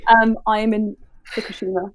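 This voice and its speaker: An Australian woman chatting after a tabletop game, excitable and giggly, playing with accents. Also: mid-range voice, normal speed, slight background noise. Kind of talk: casual chat. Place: home in Japan.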